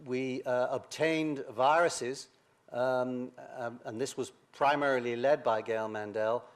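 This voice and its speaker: Halting older man giving a lecture. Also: mid-range voice, fairly even intonation. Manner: halting, with many "uh"s and restarts. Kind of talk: academic lecture.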